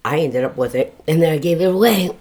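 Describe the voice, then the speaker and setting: An older woman chatting on a casual podcast, blunt and salty. She tells crude jokes and tough stories without softening anything, and she swears freely along the way. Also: sits low, fast, a little hiss or hum. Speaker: guest, host's mother.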